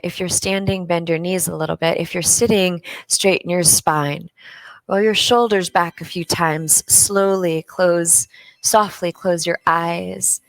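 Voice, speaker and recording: A woman's voice: fairly low pitch, no room sound. A middle-aged woman hosting a live online show from home, speaking openly and emotionally with many fillers before leading a guided breathing exercise. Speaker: show host and wellness coach. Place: home, in California.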